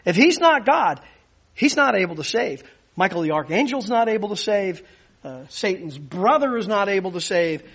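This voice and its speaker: Guy preaching a sermon, pretty high voice, earnest and emphatic. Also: animated, normal speed, fairly bright tone, slightly rough. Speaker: pastor.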